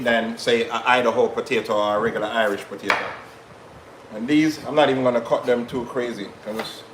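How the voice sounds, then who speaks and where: A man's voice: mid-range voice, a bit bright, roomy sound, slight background noise, poor audio. A man hosting a live cooking stream from a kitchen, chatting casually with viewers as he cooks. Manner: chatty, patois-tinged asides to viewers. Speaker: cooking show host.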